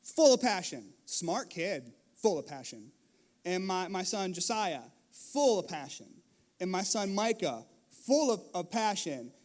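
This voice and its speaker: A middle-aged man, a pastor, preaching a sermon in a lively storytelling manner, acting out scenes from his family life. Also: sits high, a little slow. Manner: animated storytelling, acts out his kids and himself. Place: church stage.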